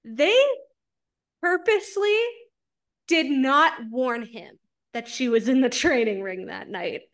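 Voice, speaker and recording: Animated laughing woman podcast host. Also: high voice, slow pace. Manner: animated, acts out characters' lines, swears and laughs often. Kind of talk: casual book chat.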